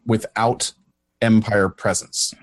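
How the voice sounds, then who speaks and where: A man's voice: lowish voice, flat delivery, takes it slowly. Tentative, polite male game player. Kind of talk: tabletop game play, casual chat.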